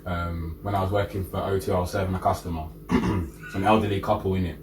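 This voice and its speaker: A young man co-hosting a casual podcast, telling a personal story in a relaxed, building way. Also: low voice, brisk. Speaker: podcast co-host. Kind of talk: casual chat. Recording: echoey room, mic at a distance, faint noise.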